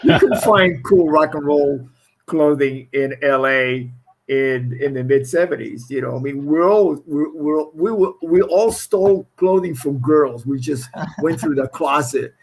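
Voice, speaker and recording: Husky-voiced man telling old stories. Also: a little high, unhurried, low-quality recording. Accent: foreign accent. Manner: rambling, restarts phrases, laughs often. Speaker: guest musician. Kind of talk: casual storytelling interview.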